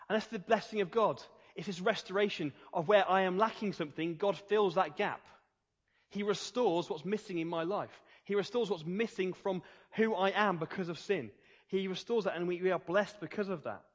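A man preaching a sermon in an earnest, emphatic way, slowing down to stress key phrases. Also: high-pitched. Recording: reverberant hall, dull lo-fi sound.

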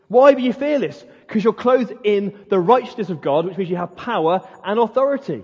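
A man preaching a passionate, emphatic sermon as pastor of his church, with dramatic pauses. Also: high-pitched, expressive, darkish tone, husky. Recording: dull sound in a hall with long reverb.

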